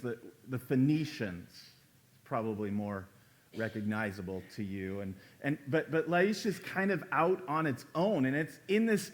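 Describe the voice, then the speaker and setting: A male pastor preaching a conversational sermon in a church, acting out quoted lines with sudden jumps in pitch and loudness. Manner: conversational preaching, acts out quoted dialogue with big pitch swings.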